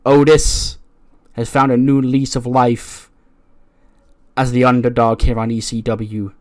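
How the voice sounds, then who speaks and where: A man's voice: mid-range voice, level tone, unhurried, a little mellow, no echo, studio quality. A man casually narrating a wrestling management game, chatty with lots of fillers. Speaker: let's play host.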